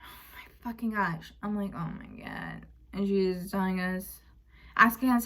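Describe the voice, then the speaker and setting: Speaking slowly with vocal fry and frequent pauses, this young vlogger tells her viewers about a difficult family ordeal in a candid, personal way. Her slightly bright voice sits mid-pitch, and she's frank and emotional, acting out arguments with "I'm like" and letting an occasional curse slip.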